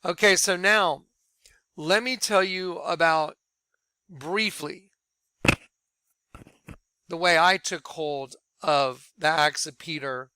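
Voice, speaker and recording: Bright, crisp-voiced man preaching. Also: a little high, slow pace, long pauses. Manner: earnest, drops to quiet hushed tones when quoting. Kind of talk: sermon-style testimony.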